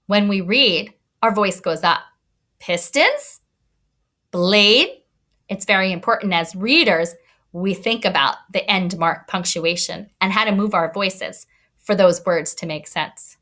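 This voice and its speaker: A woman's voice: mid-range voice, bright, forceful tone. A woman teacher giving a read-aloud lesson to young children, encouraging and thinking aloud as she explains.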